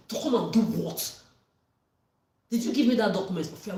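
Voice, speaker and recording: A woman's voice: mid-range voice, expressive, fast talker, pauses often, mellow. A woman vlogger delivering an angry, accusatory monologue, swearing and often raising her voice. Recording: echoey room, far from mic.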